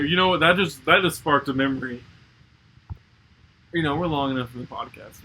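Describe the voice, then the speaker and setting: A young man co-hosting a podcast, chatting casually and telling animated stories with frequent swearing and laughter. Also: on the high side, slightly rough, poor audio. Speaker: podcast co-host. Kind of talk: casual chat.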